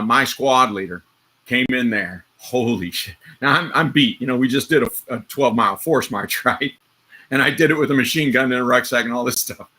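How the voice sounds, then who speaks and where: A man's voice: mid-range voice, bright, forceful tone. A man casually telling a vivid, profane story, hosting a live stream and laughing mid-sentence.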